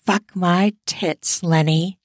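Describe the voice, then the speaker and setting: A woman's voice: fairly low pitch, steady tone, slow pace, no room sound. A scheming woman gets what she wants in an erotic audio story, as the woman narrator voices her. She speaks firmly and seductively, pressing with demands. The voice sits close and dry. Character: commanding, scheming divorcing woman.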